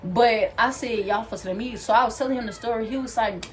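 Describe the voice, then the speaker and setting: A young woman vlogger telling a work story while she does her hair, animated and acting out the other people in it. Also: a little high, fast.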